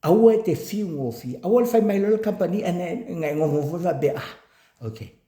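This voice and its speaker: Man, motivational storyteller, mellow slightly high voice, roomy echo. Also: a little fast. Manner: animated, switches between English and Samoan, acts out quotes.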